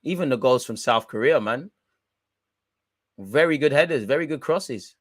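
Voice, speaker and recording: Excitable bloke doing match banter. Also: male voice, medium pitch, moderate pace, no echo. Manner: excitable, banter-heavy, swears. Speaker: football watch-along streamer. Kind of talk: live match reaction commentary.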